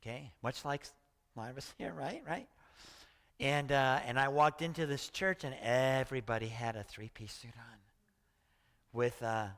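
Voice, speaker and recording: A man's voice: medium pitch, normal speed, a bit bright. Older male pastor, sixties, conversational storytelling preacher, hall reverb. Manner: chatty, storytelling, often asks "right?". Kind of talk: conversational sermon. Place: church hall.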